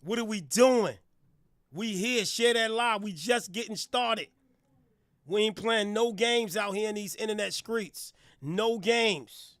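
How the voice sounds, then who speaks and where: A middle-aged man from New Jersey hosting a live hip hop radio stream, firing off hype shout-outs in street slang. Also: high-pitched, slow, no echo, studio quality. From New Jersey, USA. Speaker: radio host reviewing music. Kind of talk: hype livestream radio talk.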